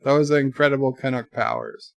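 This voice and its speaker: A man's voice: mid-range voice, huge pitch swings, a little fast, vocal fry, dry recording, studio quality. A man hosting a casual livestream, rambling and joking while reading chat messages aloud. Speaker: livestream host.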